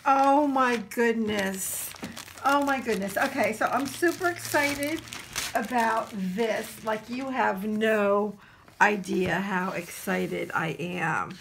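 A woman from New Jersey chatting casually to her camera as she unboxes craft supplies, gushing and excited, with lots of fillers. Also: mid-range voice, slow, vocal fry, a little hiss or hum. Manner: gushing and excitable, full of exclamations. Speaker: craft vlogger.

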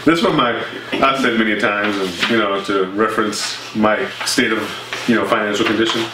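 A man's voice: on the low side, normal speed. A man from East Texas with a Texan accent, chatting in an easygoing, agreeable way. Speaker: co-host. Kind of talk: casual chat. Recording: echoey room, mic at a distance, hissy.

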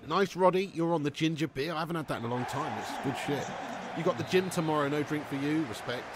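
A man's voice: on the high side, fast, noisy background. A man chatting casually on a gaming live stream, full of slang and frequent laughs. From England. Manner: chatty, slangy, laughs often, reads out chat.

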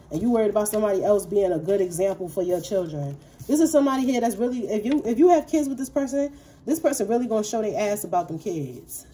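A woman reads tarot cards for her viewers in a loose, casual way, talking bluntly and swearing freely as she gets heated on their behalf. Her voice is mellow and warm. Faint background noise sits under the recording. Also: mid-range voice, animated, fast. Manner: blunt, profane and fired-up, talking straight to viewers. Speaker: tarot reader. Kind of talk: casual tarot reading to camera.

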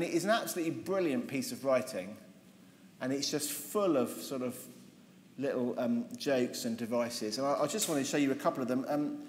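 A man teaching a Bible seminar, telling the story with lively irony and humour and acting out the characters. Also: mid-range voice. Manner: lively, humorous, ironic storytelling, acting out voices. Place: large convention hall. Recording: roomy hall reverb, faint noise.

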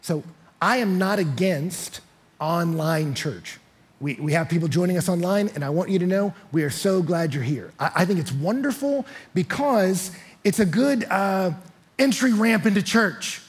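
A high-pitched man preaching from the pulpit, his voice carrying a husky edge. He tells stories with energy, acting out each quote and stumbling on his opening words. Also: normal speed. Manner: energetic storyteller acting out quotes, rising loud and high in excitement; repeats words when starting sentences. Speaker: pastor. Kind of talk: sermon. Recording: live church sanctuary.

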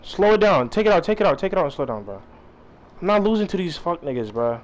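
Casting: young male gamer, fairly high, animated voice, hyped and swearing while directing teammates. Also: fast talker, poor audio. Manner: excitable, yelling instructions at teammates, profane. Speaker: gamer playing online. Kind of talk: live gameplay commentary.

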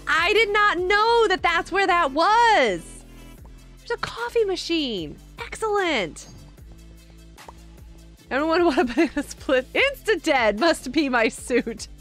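Her voice is extremely high and fairly bright: a middle-aged woman live-streaming a game and chatting casually with viewers. She giggles often, sounds a little tired, and reads and answers chat as she plays.

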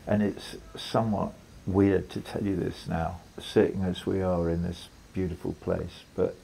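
A man's voice: sits low, flat delivery, measured pace, creaky, dark tone, slight background noise, rough recording. An older man, telling a long story as an interview guest, rambling with restarts and quoted lines. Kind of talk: relaxed storytelling conversation.

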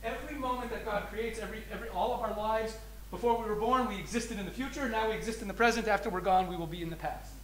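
A man speaking as a rabbi, giving an explanatory teaching talk to an audience, shifting between emphatic and soft delivery and slowing down over key phrases. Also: sits high, a little hiss or hum.

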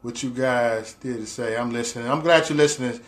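Chatting with viewers on a casual livestream, this male host reads their comments in a playful, teasing manner. He laughs a lot, leans on loose slang fillers, and talks briskly at a medium pitch.

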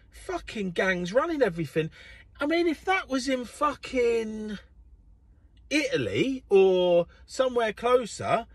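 A man's voice: high-pitched, breathy edge, no echo. A middle-aged man ranting casually to camera, blunt and profane, swinging between mutters and outbursts. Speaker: vlogger. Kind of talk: casual sweary rant to camera.

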